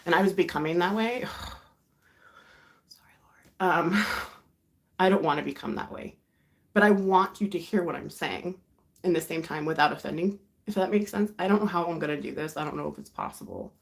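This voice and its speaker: A woman's voice: on the low side, fairly quick, vocal fry. A woman in her thirties from the United States, hosting a rambling, confiding livestream chat. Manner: rambling, confiding, with sighs and soft laughs. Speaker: livestream host. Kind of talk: casual chat.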